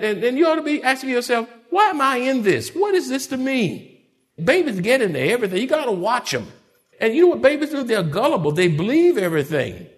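A man preaching a sermon as pastor, animated, repeating phrases and briefly acting out the voices of complaining churchgoers. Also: high voice.

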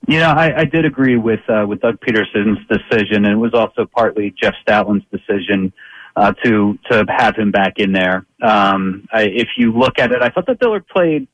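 A man on as a guest sports reporter, giving measured football analysis, often pausing on fillers and restarting sentences. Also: fairly low pitch, expressive, dry recording, dull audio.

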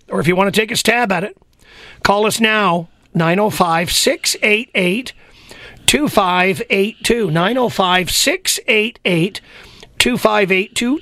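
A man's voice: sits high, sharp tone, dry recording. A middle-aged man hosting a radio call-in show, upbeat and promotional, repeating phone numbers with lots of fillers. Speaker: radio talk show host. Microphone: studio microphone.

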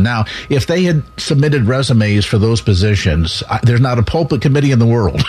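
A man's voice: mid-range voice, animated, moderate pace, a little mellow, slightly rough. A man hosting a radio talk show, speaking in a reflective, articulate way with some stammering. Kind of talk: radio interview.

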